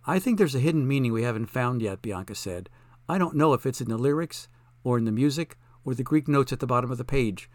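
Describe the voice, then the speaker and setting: A confident, breezy fortune teller, voiced by a man, who speaks with easy self-assurance. The reader lifts his pitch slightly for her, and the recording is dry and close. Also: expressive, fast, a little mellow, no echo, close to an everyday voice.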